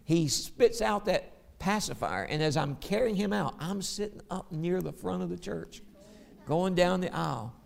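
Gravelly-voiced man preaching a sermon. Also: sits high, animated, a little slow. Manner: preaching with storytelling and scripture reading. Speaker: pastor.

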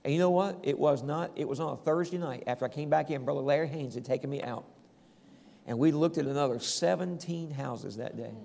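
A man's voice: on the high side, fairly quick, vocal fry, mellow, big-room sound, slight background noise. A man preaching a sermon as pastor, telling homespun stories and calling out to the congregation. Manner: folksy storytelling preacher, calls out "Amen?".

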